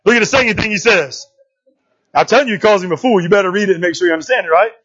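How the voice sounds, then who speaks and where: Male preacher, very high and bright voice, casual animated sermon delivery, dull lo-fi recording. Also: racing, husky. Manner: animated and conversational, casual slang and rhetorical asides.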